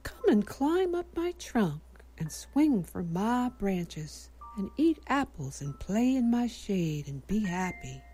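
Tender old apple tree, put on by a woman storyteller, slow, soft, faint music behind. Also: mid-range voice, very animated. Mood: coaxing. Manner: tender, soft pleading, sometimes whispered. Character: gentle giving female apple tree, loving.

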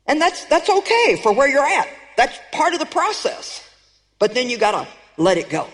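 A woman preaching a sermon, emphatic and storytelling, calling out to her listeners and rising to shouts. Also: high voice, very animated, normal speed, in a large hall. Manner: emphatic, calls out to the congregation.

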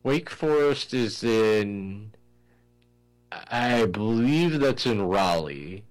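A man's voice: on the low side, animated, extremely slow, rough recording. A man hosting a casual sports chat, thinking aloud with many "you know" fillers and restarts. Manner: rambling, heavy use of "you know" fillers.

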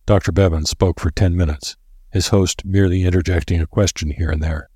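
A man reading a story aloud in a steady, measured narration. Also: low voice, breathy edge, no room sound. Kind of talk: scripted narration. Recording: dry close recording.

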